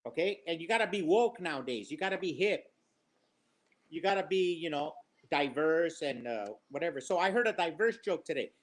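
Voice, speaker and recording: A man co-hosting a casual chat podcast, telling long jokes loudly and slipping into put-on accents. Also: a little high, animated, brisk. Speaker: podcast co-host.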